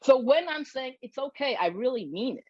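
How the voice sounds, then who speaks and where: Brief: woman behavior consultant, animated explainer, dull and dry video-call sound. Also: high voice, normal speed, no room sound. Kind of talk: educational webinar talk.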